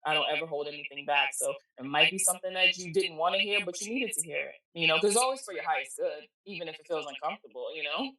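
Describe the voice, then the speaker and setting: A woman's voice: fairly low pitch, expressive, fast, hardly any pauses, pushed and bright, echoey room, far from the mic, low-quality recording. A woman, a podcast guest and spiritual reader, telling stories in a casual, blunt way and swearing freely. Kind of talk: casual storytelling interview.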